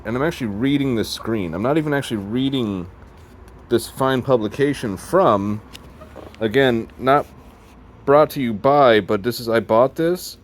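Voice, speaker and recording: A man with a Midwest American accent talking casually to his viewers, rambling from one joking aside to the next. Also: mid-range voice. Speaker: video host. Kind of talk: casual vlog commentary.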